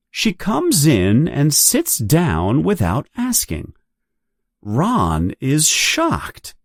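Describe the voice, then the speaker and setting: A narrator reading a children's chapter book aloud for a read-along, slowly and very expressively, pitching up for the quoted characters. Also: huge pitch swings, no room sound, studio quality.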